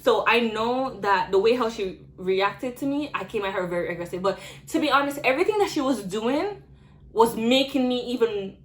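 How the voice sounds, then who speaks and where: A woman's voice: on the high side, lively intonation, normal speed, low-quality recording. Rambling young woman telling a story. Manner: rambling, filler-heavy retelling. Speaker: vlogger. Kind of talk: storytime vlog.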